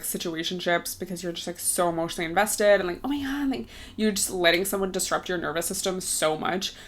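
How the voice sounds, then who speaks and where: A woman's voice: mid-range voice, fairly bright tone. A young woman in her twenties, hosting her own podcast, talking casually, laughing often and saying "like" a lot. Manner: chatty, lots of "like", laughs often. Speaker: podcast host. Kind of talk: casual solo chat.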